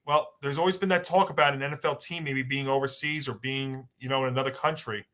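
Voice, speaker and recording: A man's voice: medium pitch, fairly even intonation, fast, sharp tone. A man co-hosting a sports podcast, chatty and rambling through his points. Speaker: podcast co-host. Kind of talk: casual sports talk.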